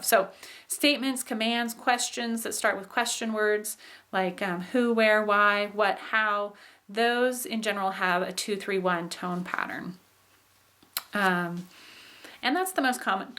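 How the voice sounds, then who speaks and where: A woman teaching in a patient, explanatory way, pausing on "um" and checking in with "okay." She shows examples by exaggerating how her voice swoops up and drops down. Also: medium pitch, fairly bright tone. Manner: demonstrates phrases with exaggerated rises and falls. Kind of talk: explaining English intonation.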